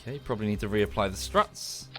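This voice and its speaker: A man's voice: on the low side, fast, sharp tone. A man giving casual, dry, self-deprecating commentary while livestreaming a game, often muttering to himself. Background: game music.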